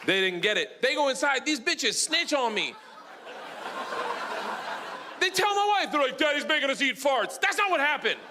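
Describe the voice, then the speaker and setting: Loud, animated middle-aged male comic. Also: extremely high pitch, moderate pace, long pauses, crowd noise. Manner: loud, animated storytelling with shouted punchlines. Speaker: stand-up comedian. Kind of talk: stand-up comedy set. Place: comedy club stage with laughing audience. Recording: live club audio with audience noise.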